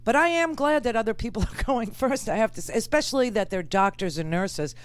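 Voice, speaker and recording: A woman's voice: fairly high pitch, animated, fairly quick, clear, resonant tone. An older woman hosting a political talk show, chatty and candid, often exasperated. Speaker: radio talk show host.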